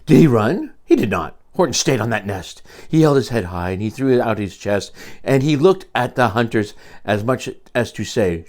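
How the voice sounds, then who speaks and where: An older man reading a picture book aloud to his grandchildren, expressive, with quiet asides to the children. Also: mid-range voice, moderate pace. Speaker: storyteller.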